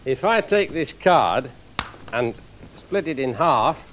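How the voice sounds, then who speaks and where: An engineering professor gives a televised science lecture to a live audience in a lecture theatre, explaining with lively demonstrations. He speaks slowly at medium pitch, with a little hiss or hum in the audio.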